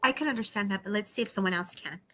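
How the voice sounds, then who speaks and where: A woman's voice: medium pitch, racing, bright, forceful tone, slight background noise. A woman acting as sitter and co-host, mostly giving brief affirmations and replies.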